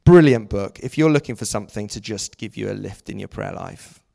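A middle-aged man preaching a sermon, telling a story with lively, jokey asides. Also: fairly low pitch, brisk, gravelly.

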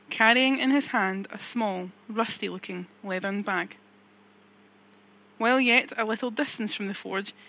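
A woman narrating a classic novel in a measured, expressive reading. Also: fairly high pitch, rough recording. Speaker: audiobook narrator.

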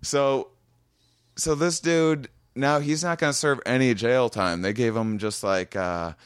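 A man's voice: medium pitch, unhurried, clean tone, no echo, studio quality. A man telling a long story in casual chat, with lots of stammering restarts while he acts out what others said. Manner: rambling, stammering restarts, acts out quoted voices. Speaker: comedian guest. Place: small home room.

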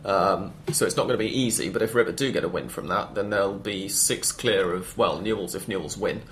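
Podcast host, male, low-ish voice, chatty and rambling, stops to fix his own facts. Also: a bit bright, slight background noise. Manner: rambling, stops to correct himself, quick with stats. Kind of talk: casual football podcast chat.

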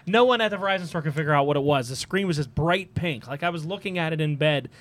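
A man's voice: on the high side, quick pace, fairly bright tone. A man hosting a casual podcast, telling a rambling story and laughing as he talks. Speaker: podcast host. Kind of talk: casual chat.

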